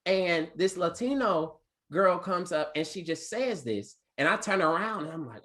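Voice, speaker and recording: A man teacher telling a class a story in an animated, preacher-like cadence with big vocal swings. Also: high-pitched, moderate pace, few pauses.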